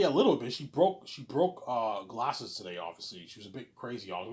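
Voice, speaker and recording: A man talks through a casual vlog monologue, rambling and repeating himself as he stammers into each thought. His voice sits at a mid pitch and swings from loud, excited bursts down to low mutters. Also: fairly quick, hardly any pauses. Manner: rambling and repetitive, with frequent stammered restarts. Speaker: vlogger. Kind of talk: casual monologue, answering his own questions.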